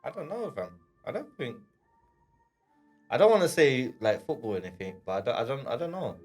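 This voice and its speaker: A man's voice: mid-range voice, big pitch swings, a little fast, faint music behind. A young man telling a story on a podcast, rambling and repeating himself with lots of fillers. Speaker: podcast co-host.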